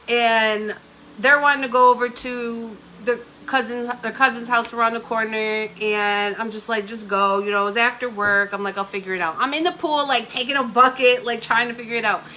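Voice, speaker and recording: A woman's voice: a little high, bright, forceful tone, slight background noise. A middle-aged woman host casually telling a candid, emotional story, rambling with many fillers. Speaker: host of a live talk stream.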